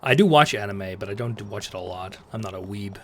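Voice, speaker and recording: A man's voice: lowish voice, animated, brisk, a bit bright, a little hiss or hum. Chatty streamer man. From Netherlands. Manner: rambling, chatty, many fillers and restarts. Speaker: game streamer. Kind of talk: casual live-stream gaming chat. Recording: faint game ambience behind.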